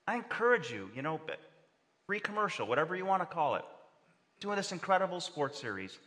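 A male pastor preaching a sermon, animated, acting out quoted lines with big swings in pitch. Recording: long reverb of a large hall.

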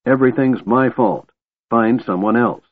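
A man playing a worn-out half-elf leader, bitter and burdened with guilt. The voice is low and tired, on thin, phone-like audio with no room sound. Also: expressive, moderate pace, husky, no room sound. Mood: weary. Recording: narrow phone-like dry audio.

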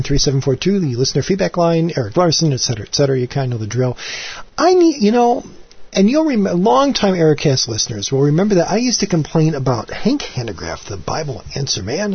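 A man's voice: fairly high pitch, husky, no room sound, lo-fi sound. A man in his forties hosting his own podcast, chatting alone in a rambling, self-deprecating way with many restarts and asides. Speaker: podcast host. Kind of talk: casual solo podcast monologue.

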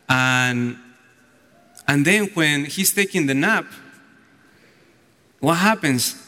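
A man's voice: a little high, pushed and bright. A man preaching a homily as a deacon, telling the story animatedly and acting out the voices. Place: church. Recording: echoey church hall.

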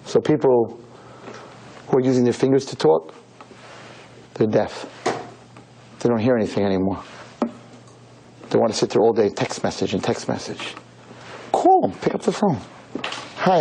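A man lectures a room of girls as a rabbi in a sermon-style talk, emphatic and preachy, full of rhetorical questions and repetition. His pitch swings widely, jumping high on key points, and his dark-toned voice comes through poor audio with a little hiss or hum.

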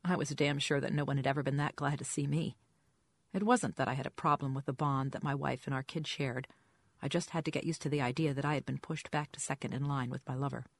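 A woman's voice: rumbling low, steady tone, quick pace, no room sound. A woman reading a first-person story aloud as an audiobook narrator, in a wry, reflective manner.

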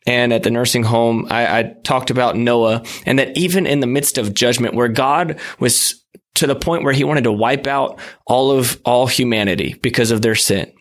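A man who is a guest on a faith podcast, talking in an earnest, reflective way with halting restarts. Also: mid-range voice, fairly even intonation. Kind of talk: casual faith talk.

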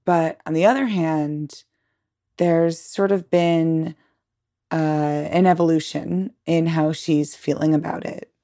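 A woman's voice: low-pitched, steady tone, takes it slowly, warm tone. A woman podcast host in casual chat, talking in a chatty way with many fillers and frequent laughs.

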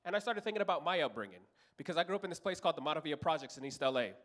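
A man's voice: a little high, racing, a little hiss or hum. A man in his thirties from Los Angeles telling a profane stand-up story on stage. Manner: profane, storytelling, animated voices for characters. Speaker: stand-up comedian. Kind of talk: stand-up routine. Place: comedy club stage with audience.

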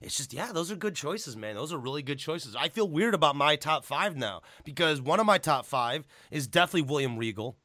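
A man co-hosting a casual chat about wrestling, animated and profane. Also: fairly high pitch, brisk, few pauses, no echo, studio quality. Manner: animated, profane, breaks into impressions. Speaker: podcast co-host.

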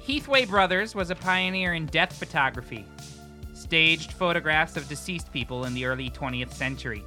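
Deadpan parody radio host, bright tone. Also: medium pitch. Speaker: fake radio show host. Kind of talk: parody public-radio hosting.

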